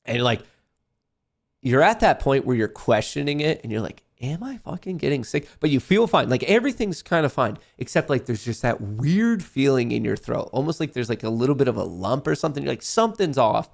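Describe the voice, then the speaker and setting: A man's voice: medium pitch, sing-song, a little fast, creaky. A man hosting a live trading stream, talking in a casual, rambling and profane way with a nasal voice. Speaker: livestream trading show host. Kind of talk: casual livestream chat while trading.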